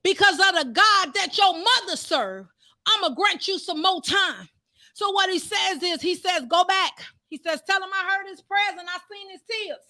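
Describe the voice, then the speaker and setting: Woman preacher, sermon, very high voice, fervent shouted praise, repetitive. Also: normal speed.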